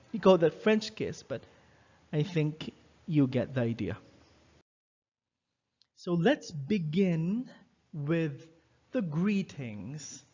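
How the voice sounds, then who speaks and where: A man's voice: a little high, darkish tone. Man teaching in a dull recording. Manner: explanatory, repeats words slowly for learners. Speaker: French teacher. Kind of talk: recorded online lesson.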